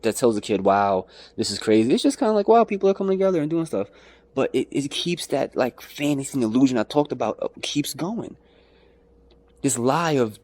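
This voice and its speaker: A man's voice: medium pitch, no echo. Guy ranting into his camera, cussing, rambling, mid voice, dead dry sound. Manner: profane, rambling, animated with mocking put-on voices. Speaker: vlogger. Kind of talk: ranting monologue.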